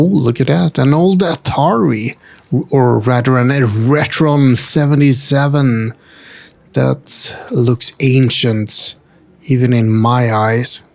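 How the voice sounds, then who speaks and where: A Swedish travel vlogger and host, whose first language is Swedish, walks through a multi-floor indoor retro game store filming on a handheld camera. His mid-range voice has a gravelly edge, and he narrates at a relaxed, unhurried pace. The tour is chatty and casual, sprinkled with wry asides and gentle jokes.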